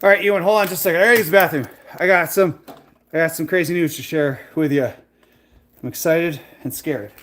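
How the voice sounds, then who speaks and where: Man, fitness vlogger, high voice, chatty, talks straight to viewers, casual live chat. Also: brisk, fairly bright tone, slight background noise.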